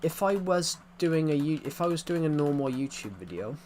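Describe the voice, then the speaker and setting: A man's voice: on the high side, big pitch swings, normal speed, darkish tone, a little hiss or hum. A young man from England with an English accent, chatting casually while live-streaming a game, rambling, repeating himself and restarting his sentences.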